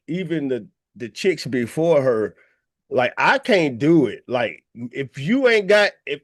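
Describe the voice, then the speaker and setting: A man's voice: fairly high pitch, a bit bright, dry recording, clean studio sound. A man hosting a hip-hop radio show, chatting loosely with slang and hyping up his guest. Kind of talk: casual interview chat.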